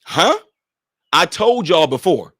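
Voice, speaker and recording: A man's voice: high voice, expressive, normal speed, fairly bright tone, dry recording, studio quality. A man from Chicago giving a heated political commentary, preachy and mocking, talking straight to his viewers.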